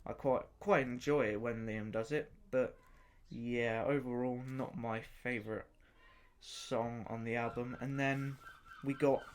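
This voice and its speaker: A man's voice: mid-range voice, steady tone, measured pace. A man hosting his own podcast and reviewing an album in casual unscripted talk. He rambles enthusiastically, often repeating himself and stopping to search for words.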